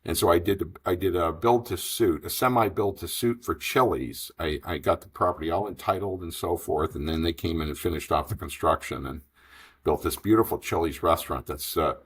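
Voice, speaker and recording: Guest, male, 50s, low husky voice, rambling anecdotal storyteller. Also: brisk. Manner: rambling, animated storyteller acting out dialogue. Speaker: franchise investor guest. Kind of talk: storytelling in a podcast interview.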